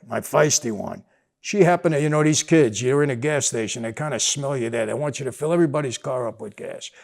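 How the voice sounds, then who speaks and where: An older man telling a personal story in a casual, animated way, acting out the dialogue. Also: a little high. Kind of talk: casual anecdote.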